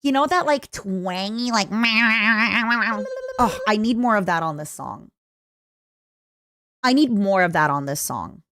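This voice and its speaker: A young woman with a Canadian accent chatting casually with her stream viewers, jokey and full of quick asides. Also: medium pitch, lively intonation, sharp tone, no room sound. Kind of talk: casual livestream chat.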